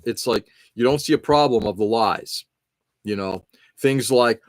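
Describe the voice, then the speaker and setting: A man's voice: mid-range voice, brisk, no room sound. A man from the United States hosting a live show, venting in a frustrated, blunt and profane way, often restarting his sentences. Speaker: podcast host. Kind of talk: casual political rant on a live show.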